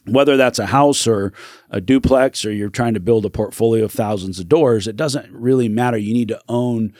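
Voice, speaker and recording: A man's voice: medium pitch, moderate pace, a little mellow, dry recording, studio quality. A man who is a real estate broker and podcast guest, talking in an earnest, rambling way with restarts. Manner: earnest, rambling with restarts, acts out quoted voices. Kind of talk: casual interview talk.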